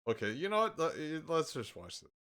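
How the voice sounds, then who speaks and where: A man's voice: fairly high pitch, very animated, brisk, pushed and bright. A man streaming live, commenting casually on videos as he watches, rambling and tripping over his words with sarcastic asides. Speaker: streamer host.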